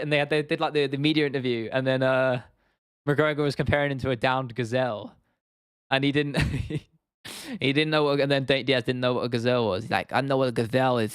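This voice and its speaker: A man's voice: medium pitch, smooth, dry recording, clean studio sound. A young British man in his twenties, hosting a casual livestream, chatting loosely with viewers, swearing and calling them "bro". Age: 20s. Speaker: livestream host. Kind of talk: casual livestream chat reading viewer comments.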